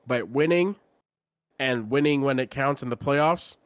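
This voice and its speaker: A man co-hosting a casual sports chat, mid-pitched and blunt, who states his opinions flatly and restarts his sentences as he thinks aloud. The sound is dry and close, with no room around it. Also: unhurried, clean tone, no room sound. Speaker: podcast co-host.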